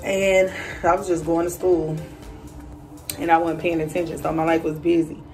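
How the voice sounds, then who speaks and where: A woman, chatting casually to camera in a vlog, a bit out of breath, with lots of fillers and animated quoted voices. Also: on the low side, normal speed, far from the mic, rough recording. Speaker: vlogger. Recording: voice a little off-mic, faint music.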